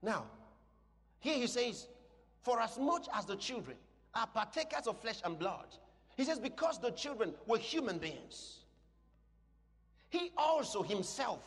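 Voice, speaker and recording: Impassioned preacher man, booming hall. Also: breathy edge. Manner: impassioned, swinging from loud shouts to low asides. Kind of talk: sermon. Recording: long hall reverb.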